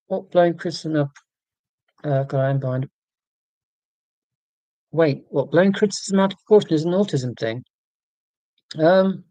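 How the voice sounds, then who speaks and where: A man in his forties with an English accent from near London, hosting a casual livestream and answering viewer comments in a monotone, deliberately clear way. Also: fairly high pitch, dry recording, low-quality recording. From England, near London. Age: 40s. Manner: monotone, careful and deliberate about being clear. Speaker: livestream host.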